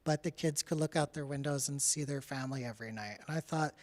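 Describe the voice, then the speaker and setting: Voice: mid-range voice, fast. A young adult artist from Canada giving a casual presentation about their own work, talking candidly with many "like" and "uh" fillers and laughing now and then. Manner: candid and chatty, with frequent "like" and "uh" fillers.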